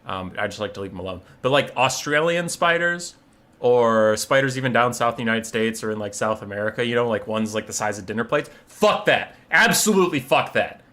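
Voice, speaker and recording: Lively young man telling stream stories. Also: medium pitch, fairly quick. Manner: animated, profane storytelling. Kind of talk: casual live-stream chat.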